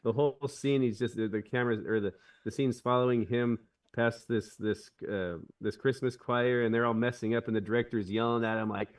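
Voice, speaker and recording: A man's voice: mid-range voice, fairly even intonation, a little fast, recorded from a distance. A man on a podcast, chatting casually and retelling a film scene with many restarts. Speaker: podcast co-host. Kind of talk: casual chat.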